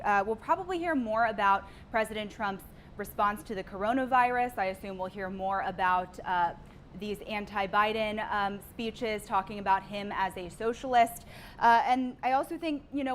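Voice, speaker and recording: A woman field reporter giving a measured live news report from outdoors. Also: mid-range voice, slight background noise.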